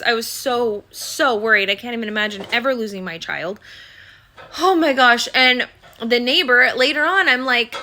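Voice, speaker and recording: A woman's voice: high-pitched, sharp tone. A mother telling an emotional personal story in a casual vlog, rambling with many fillers.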